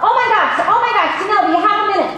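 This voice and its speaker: A woman's voice: very high-pitched, lively intonation, rapid-fire, sharp tone, exaggerated voice. A woman voicing an overexcited woman who gushes breathlessly while begging a favor. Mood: thrilled. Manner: breathless and gushing. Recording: very echoey hall, faint noise.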